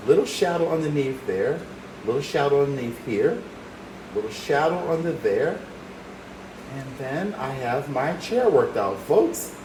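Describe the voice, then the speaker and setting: A man, an art teacher, walks the viewer through a drawing demonstration step by step, offering encouragement. His mid-range voice is a little mellow, with a little hiss or hum, roomy echo and faint ambience on the recording.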